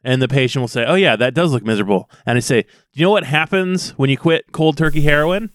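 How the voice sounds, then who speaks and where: A man's voice: medium pitch, fast talker, no echo, clean studio sound. A man co-hosting a casual podcast, joking and laughing often as he tells stories. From USA. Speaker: podcast co-host. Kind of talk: casual chat.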